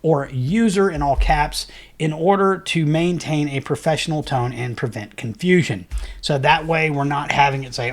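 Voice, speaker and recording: A man hosting a software tutorial, talking casually with many fillers and restarts as he works through a screen recording. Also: fairly high pitch, normal speed.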